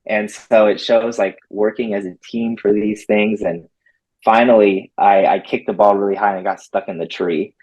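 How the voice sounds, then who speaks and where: A man with a lowish, slightly breathy voice talks at a normal pace on a low-quality recording. He's a dog trainer telling an animated story in a casual interview, acting out what people said and using "like" a lot.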